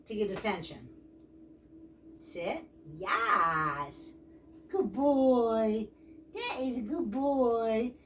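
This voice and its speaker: A woman explaining puppy training outdoors in a plain, practical casual vlog manner. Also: medium pitch. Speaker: dog trainer. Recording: distant mic, faint background noise.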